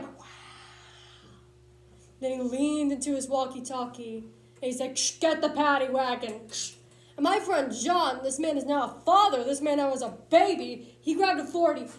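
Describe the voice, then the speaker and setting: A woman performing a comic monologue at a speech tournament, telling a story in a lively, punchy way. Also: high voice, brisk, roomy sound.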